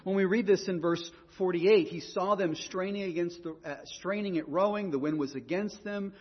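A man's voice: high-pitched, normal speed, breathy edge, big-room sound, highs cut off. A man preaching a sermon in an earnest way, often repeating words as he goes. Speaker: pastor.

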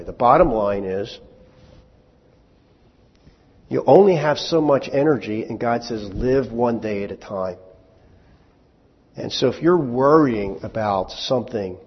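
A man's voice: on the low side, breathy edge. A pastor in his sixties preaching a sermon, stumbling over and repeating words with folksy asides. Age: 60s. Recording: dull sound with long hall reverb.

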